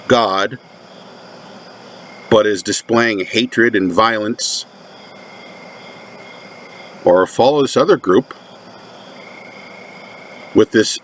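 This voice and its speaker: A man from the United States, a religious commentator, delivers a sermon-like monologue with slow, deliberate and emphatic repetition. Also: mid-range voice, a little hiss or hum.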